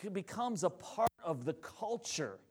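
A middle-aged male pastor preaching a sermon in a conversational, joking, animated way. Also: sits high, a little slow.

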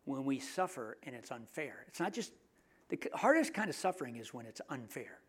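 A middle-aged man preaching a sermon in a conversational, joking way, often dropping his voice to hushed asides. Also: medium pitch, big pitch swings, a little fast, husky. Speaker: pastor.

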